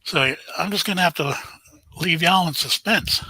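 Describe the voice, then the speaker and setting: A man's voice: on the high side, normal speed, sharp tone, slightly rough, dry recording, low-quality recording. An older man, hosting a casual live stream, chatting and greeting viewers by name.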